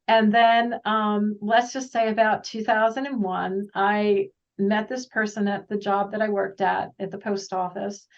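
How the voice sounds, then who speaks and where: A woman guest telling her story in a casual, rambling, animated way, often acting out the dialogue she quotes. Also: medium pitch, unhurried, hardly any pauses. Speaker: guest, intuitive practitioner. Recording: distant, dull lo-fi sound.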